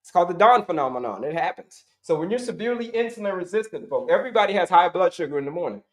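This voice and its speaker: Male health coach, middle-aged, lively and repetitive on a live stream, higher-pitched voice, roomy echo. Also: racing. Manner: animated, repetitive, addresses viewers as folks and y'all. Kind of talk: live-stream teaching talk. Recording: roomy echoey sound.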